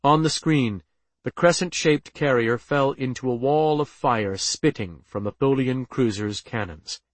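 Steady male audiobook narrator, dry studio sound. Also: medium pitch, unhurried, no echo.

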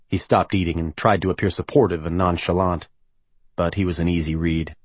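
Deep, husky male audiobook narrator. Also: steady tone, brisk, no room sound. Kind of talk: scripted narration.

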